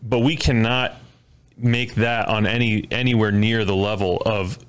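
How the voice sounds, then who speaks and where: A man's voice: fairly low pitch, fairly even intonation, measured pace, clear, resonant tone. A man hosting a casual podcast discussion, talking earnestly and restarting phrases as he thinks. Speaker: podcast host. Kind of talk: casual chat. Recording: studio.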